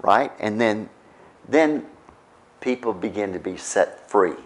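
Slow, animated preacher man. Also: lowish voice. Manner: conversational preaching, keeps asking "right?". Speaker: pastor. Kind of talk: sermon.

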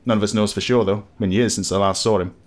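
A guy doing a brisk, folksy village barkeep, gossipy game voice. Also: mid-range voice, sing-song, natural voice. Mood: chatty.

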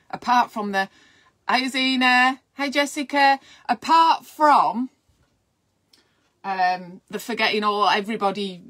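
A woman's voice: mid-range voice, a bit bright. A middle-aged woman, chatting casually and rambling on a live stream as a midwife host, encouraging her viewers.

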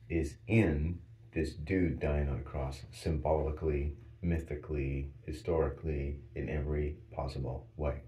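A man ranting in a heated, sarcastic and profane way that builds to shouting, with a roomy echo. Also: very deep voice. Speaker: vlogger. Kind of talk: profane rant.

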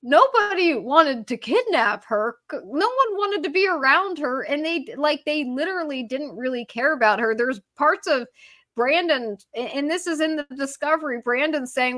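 A woman, a journalist guest on a podcast interview, talking in an animated, sarcastic way with many fillers. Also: high-pitched, normal speed, dry recording, clean studio sound.

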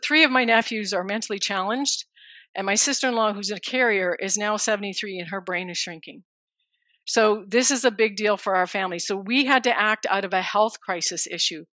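A woman in her sixties, a farm family coach, giving a lively live presentation, calling on listeners by name and dropping in French words. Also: mid-range voice, dry recording. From Manitoba, Canada.

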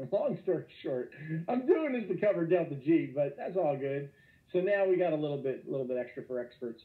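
Energetic male lecturer, lively pitch, echoey thin call audio. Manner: energetic, joking, exclamatory. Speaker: teacher. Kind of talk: online lecture. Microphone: computer mic. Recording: echoey, tinny phone-like online call.

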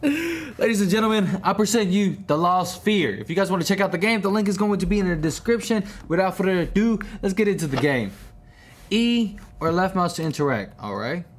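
A man hosting a horror game let's play, reacting with casual slang, swearing and yelling at the scares. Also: sits high, expressive, brisk, a little hiss or hum. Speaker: gaming channel host.

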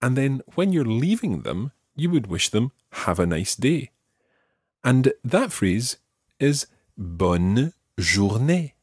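Male podcast teacher, patient and methodical, lively intonation, dry close mic. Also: medium pitch, takes it slowly, breathy edge, no echo. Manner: patient, explains step by step and models pronunciation. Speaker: language teacher. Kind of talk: podcast language lesson.

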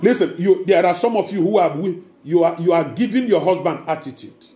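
A man's voice: high voice, expressive, a little fast, dark tone. A man preaching a sermon as pastor, emphatic and repeating key words. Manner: emphatic preaching with acted quotes. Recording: echoey room with faint music.

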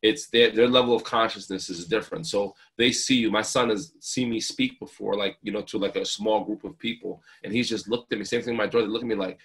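A man's voice: fairly low pitch, fairly even intonation, fast talker, few pauses, fairly bright tone. A man in his thirties from New Jersey, a guest speaker telling heartfelt, earnest stories about family. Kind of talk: emotional storytelling.

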